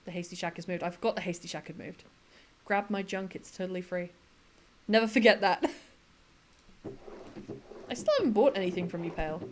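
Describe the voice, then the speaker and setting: A woman's voice: fairly low pitch, moderate pace, long pauses, slight background noise. A woman chatting casually with her live-stream viewers while she plays a building game, giggling often and answering chat between tasks.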